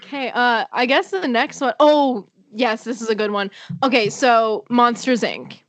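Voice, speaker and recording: A woman's voice: fairly high pitch, unhurried, dry recording. A young woman co-hosting a podcast, chatting in a bubbly way and laughing often. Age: young adult. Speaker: podcast co-host. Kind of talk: casual chat.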